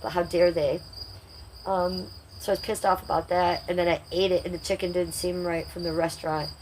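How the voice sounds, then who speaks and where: A woman's voice: lowish voice, little pitch movement, brisk, slight background noise, poor audio. A woman hosting a casual livestream, rambling and confiding as she talks straight to her viewers. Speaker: livestream host.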